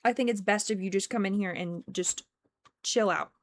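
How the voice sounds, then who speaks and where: A woman's voice: mid-range voice, moderate pace. A young woman streaming a game, chatting playfully and talking to her pet. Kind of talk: casual gameplay commentary.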